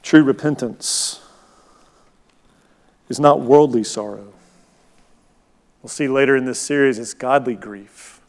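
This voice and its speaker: A man's voice: medium pitch, takes it slowly, long pauses. A middle-aged man preaching a sermon as pastor, conversational and storytelling. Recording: long hall reverb.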